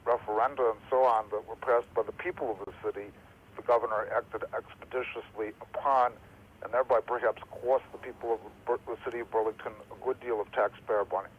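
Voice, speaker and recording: A man's voice: lowish voice, fairly even intonation, brisk. Man, caller, formal hesitant question, tinny phone line, faint hiss. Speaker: viewer calling in. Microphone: telephone.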